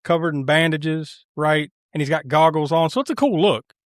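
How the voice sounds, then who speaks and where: A man with a fairly high voice recaps a film for his podcast co-hosts in loose, casual chat. He laughs often, swears freely and jumps into voices to act out scenes. The sound is dry and close. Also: moderate pace, dry recording. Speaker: podcast co-host. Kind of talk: casual movie review chat.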